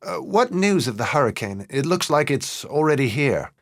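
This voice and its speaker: A man's voice: on the high side, sing-song, normal speed, dry recording, studio quality, pitched above the performer's own voice. A man playing a polite, slightly nervous divorced father in an audiobook.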